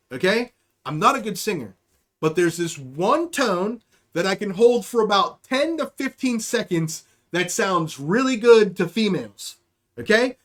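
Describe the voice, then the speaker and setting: High pitched guy rambling through a crude story on his podcast, swearing a lot, super casual. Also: fairly bright tone. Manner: rambling, profane, jokey. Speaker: podcast host.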